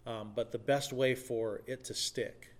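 A man's voice: medium pitch, steady tone, unhurried. Earnest man musing on faith. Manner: earnest, thinks aloud with fillers. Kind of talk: casual chat.

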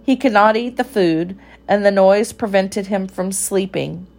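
Calm woman reading a children's story. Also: medium pitch, a little slow, gravelly, soft background music.

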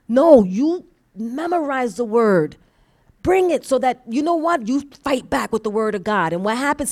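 An energetic woman pastor preaching with a playful, storytelling manner, acting out little scenes as she goes. In prayer she falls into a steady, repetitive cadence, calling on God after each phrase. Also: a little high. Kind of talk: sermon and closing prayer.

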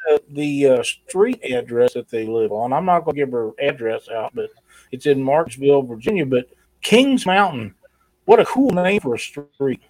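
A man's voice: medium pitch, animated, normal speed, darkish tone, no room sound, rough recording. A man co-hosting a live stream giveaway in a casual, folksy way, reading chat comments aloud.

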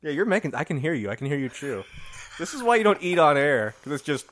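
A man co-hosting a relaxed podcast, talking into a studio mic. His voice is bright and lively, swinging up and down as he jokes and teases. He laughs often between his lines. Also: a little high, quick pace, a little hiss or hum. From Indiana. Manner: joking, teasing, laughs often. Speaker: podcast co-host. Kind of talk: casual chat. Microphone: headphones and studio mic.

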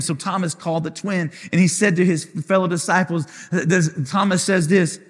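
A man's voice: high voice, fairly even intonation, moderate pace, hardly any pauses, slightly rough. A man preaching as lead pastor in a live sermon, with impassioned, repetitive phrases that swell into sung lines. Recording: long hall reverb.

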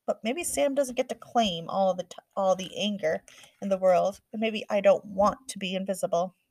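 A woman narrating a first-person audiobook in a quick, earnest storytelling manner. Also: mid-range voice, darkish tone, no room sound.

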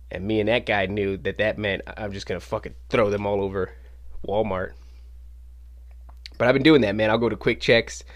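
A man hosting his own podcast, telling a casual story in an animated way and swearing freely. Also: fairly low pitch, fairly quick. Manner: animated, acts out quoted voices, swears casually. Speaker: podcast host. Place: home podcast studio.

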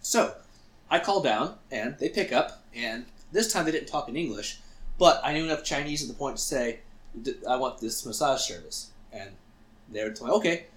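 Bright-voiced man telling a story. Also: medium pitch, moderate pace, roomy sound. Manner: animated, acts out quotes of himself. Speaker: podcast co-host. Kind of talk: casual storytelling.

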